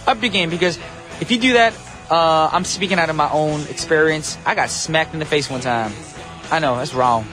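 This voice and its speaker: A man's voice: a little high, moderate pace, over music. Upbeat joking male radio DJ. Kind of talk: casual radio hosting. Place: radio studio.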